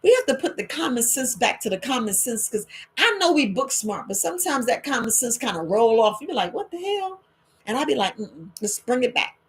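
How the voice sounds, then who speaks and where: Lively woman herbalist talking freely. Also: fairly high pitch, a little fast. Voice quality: animated, talks back and forth with imagined listeners. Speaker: herbalist host. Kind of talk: casual monologue.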